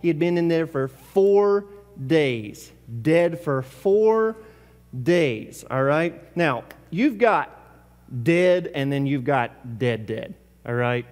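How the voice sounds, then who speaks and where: Pastor guy preaching, kinda high voice, long church echo, asks the crowd stuff. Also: animated, takes it slowly, darkish tone. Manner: conversational preaching with rhetorical questions to the congregation. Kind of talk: sermon. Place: church sanctuary.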